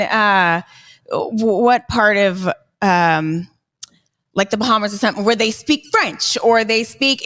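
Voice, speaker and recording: A woman talks slowly in a casual podcast chat, searching for words and trailing off mid-thought. Her voice carries a long reverb tail. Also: medium pitch, a bit bright. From US Northwest. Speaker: podcast co-host. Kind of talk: casual discussion.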